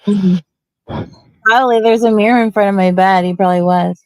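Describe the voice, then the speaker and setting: A woman's voice: medium pitch, steady tone, moderate pace, clear, resonant tone, no room sound. A middle-aged woman from Portland hosting a casual chat, blunt and profane, laughing often. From Portland, USA. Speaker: host.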